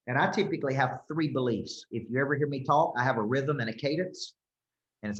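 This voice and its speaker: A business coach talks fast to a group in an expressive, mid-range voice, speaking emphatically and checking in often with "okay?" and "right?". The recording sounds roomy and slightly dull.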